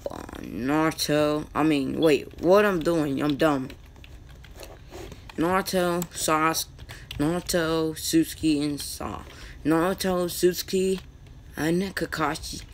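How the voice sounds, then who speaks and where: A man narrating his own anime fan-fiction story in a casual, halting way, often restarting names and using slang. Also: on the high side, vocal fry, a little hiss or hum.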